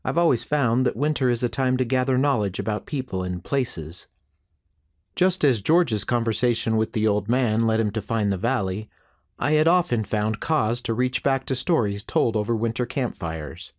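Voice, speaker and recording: A man narrates a western audiobook at a steady, unhurried pace. His voice sits at an ordinary middle pitch, recorded close and dry with no room sound. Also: no room sound.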